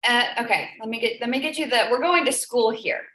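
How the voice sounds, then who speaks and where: On the high side and brisk, her voice is bright and forceful. She's an earnest host of a live business coaching stream, recorded in an echoey room, giving an emotional motivational talk with phrases repeated for emphasis.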